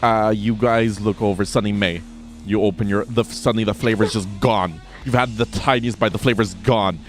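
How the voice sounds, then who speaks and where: A man's voice: on the low side, fairly even intonation, moderate pace, soft background music. A man running a tabletop game as game master, describing scenes vividly and at length with plenty of fillers.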